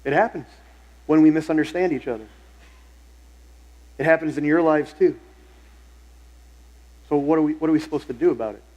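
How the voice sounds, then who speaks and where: A man's voice: on the high side, normal speed, long pauses, a little mellow, poor audio. A middle-aged male pastor preaching a sermon in a church, telling stories in a conversational way and repeating phrases for emphasis. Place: church sanctuary.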